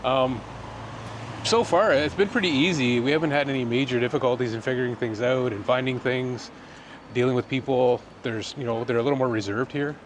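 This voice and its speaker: A man's voice: medium pitch, brisk. A man explaining things in an easy, casual way while walking outdoors for a travel vlog. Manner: relaxed, explaining things as he walks. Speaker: travel vlogger. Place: outdoors on a busy street. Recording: street and traffic noise.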